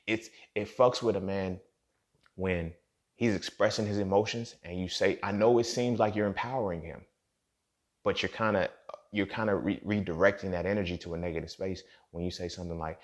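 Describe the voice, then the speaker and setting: A man's voice: deep voice, steady tone, fairly quick, creaky. A young man hosting a podcast, talking in a blunt, profane, casual monologue straight to his listeners. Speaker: podcast host.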